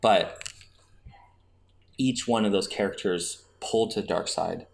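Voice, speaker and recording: Low-voiced man hosting a fan podcast. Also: a little slow, vocal fry. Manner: chatty, argumentative, many restarts. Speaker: podcast host. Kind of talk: casual fan discussion.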